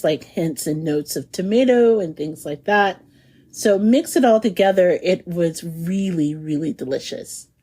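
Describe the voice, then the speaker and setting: A woman's voice: fairly low pitch, breathy edge. Laughing woman podcast host. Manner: lively, laughs often, lingers on food descriptions. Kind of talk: casual chat.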